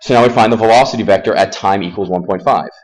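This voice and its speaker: A man teaching a calculus class in a classroom, casual and self-deprecating, firing quick questions at his students. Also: fairly low pitch, soft background music. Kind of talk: classroom math lesson.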